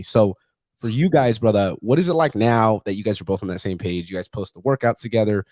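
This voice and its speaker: A man hosting a casual podcast interview. He talks quickly and swears freely, and his stories land with emphasis. His voice is recorded dry and close, with no room sound. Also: lowish voice, darkish tone, dry recording. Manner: profane, emphatic, storytelling. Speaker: podcast host.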